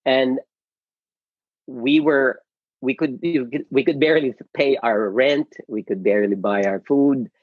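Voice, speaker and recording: A man's voice: mid-range voice, measured pace, slightly rough, dry recording, phone-quality sound. A middle-aged man from the Philippines, an actor as interview guest, telling his story earnestly with many restarts and repeated words.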